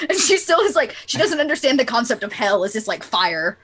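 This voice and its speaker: A woman's voice: fairly high pitch, sing-song, moderate pace, a bit bright, husky. A woman in a tabletop role-playing game, describing her character's actions and speaking in character with a giggly, earnest manner. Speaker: player.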